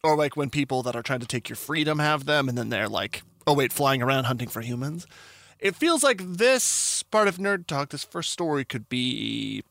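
A man's voice: on the high side, big pitch swings, moderate pace, creaky, few pauses, a bit bright, no room sound. A man hosting a tech news show, reading stories with sarcastic joking asides. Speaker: host. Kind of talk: casual tech news commentary.

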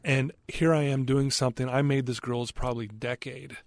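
A man's voice: mid-range voice, steady tone, moderate pace, dry recording, clean studio sound. A man telling an emotional personal story as a podcast guest, earnest and full of "you know".

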